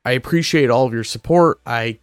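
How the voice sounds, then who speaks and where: A young man hosting his own podcast, speaking earnestly and getting emotional, with many fillers and pauses. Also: mid-range voice, dry recording, studio quality, faint music behind. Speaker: podcast host. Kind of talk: solo podcast monologue.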